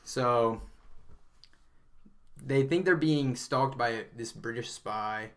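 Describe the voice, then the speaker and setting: A man co-hosting a podcast, rambling through an animated retelling with lots of fillers and laughter. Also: medium pitch, slow pace. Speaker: podcast co-host. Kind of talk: casual chat.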